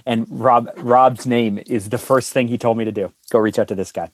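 A man's voice: medium pitch, fairly even intonation, moderate pace, no room sound. A man who is a guest on a podcast, chatting in a friendly, teasing way. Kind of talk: casual conversation.

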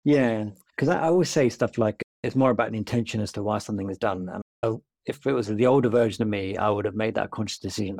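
A man's voice: vocal fry, darkish tone, dry recording. A young man, a junior doctor, telling a story in casual, self-deprecating, rambling podcast chat. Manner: rambling, self-deprecating, quick and low-key.

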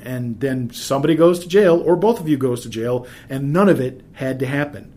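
A man's voice: mid-range voice, expressive, moderate pace, hardly any pauses, darkish tone. Man explaining with stories, many fillers. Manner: conversational, frequent fillers and restarts. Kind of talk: casual explanatory talk with anecdotes.

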